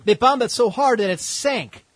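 A man's voice: very high-pitched, moderate pace, no room sound, low-quality recording. A man hosting a podcast, telling history as comedy with sarcastic, irreverent asides. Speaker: podcast host.

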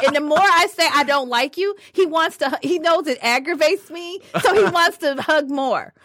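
A woman's voice: high-pitched, moderate pace, few pauses, no room sound, clean studio sound. A woman hosting a podcast and telling teaching stories in a casual chat, laughing often. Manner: laughs often, animated storytelling. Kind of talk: casual conversation.

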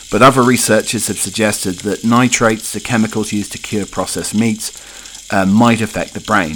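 Guy with a cold doing a podcast, lowish voice, wanders off into rambly asides. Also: slight background noise. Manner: rambling asides with many fillers. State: has a cold. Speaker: podcast host. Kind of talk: casual monologue reading news stories.

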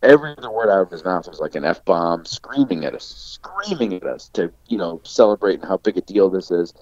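A man's voice: deep voice, brisk, no echo. A man, an actor guest on a podcast, telling a long anecdote casually and animatedly, full of "like" fillers. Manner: animated storyteller, heavy use of "like" fillers. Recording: dull lo-fi dry sound.

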